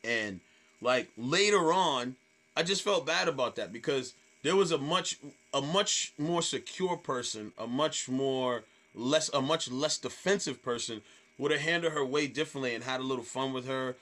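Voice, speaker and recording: A man, a comedian, telling stage stories in casual chat, swearing freely and acting out hecklers in loud voices. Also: medium pitch, moderate pace. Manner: animated storyteller, acts out hecklers in loud voices. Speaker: stand-up comedian guest.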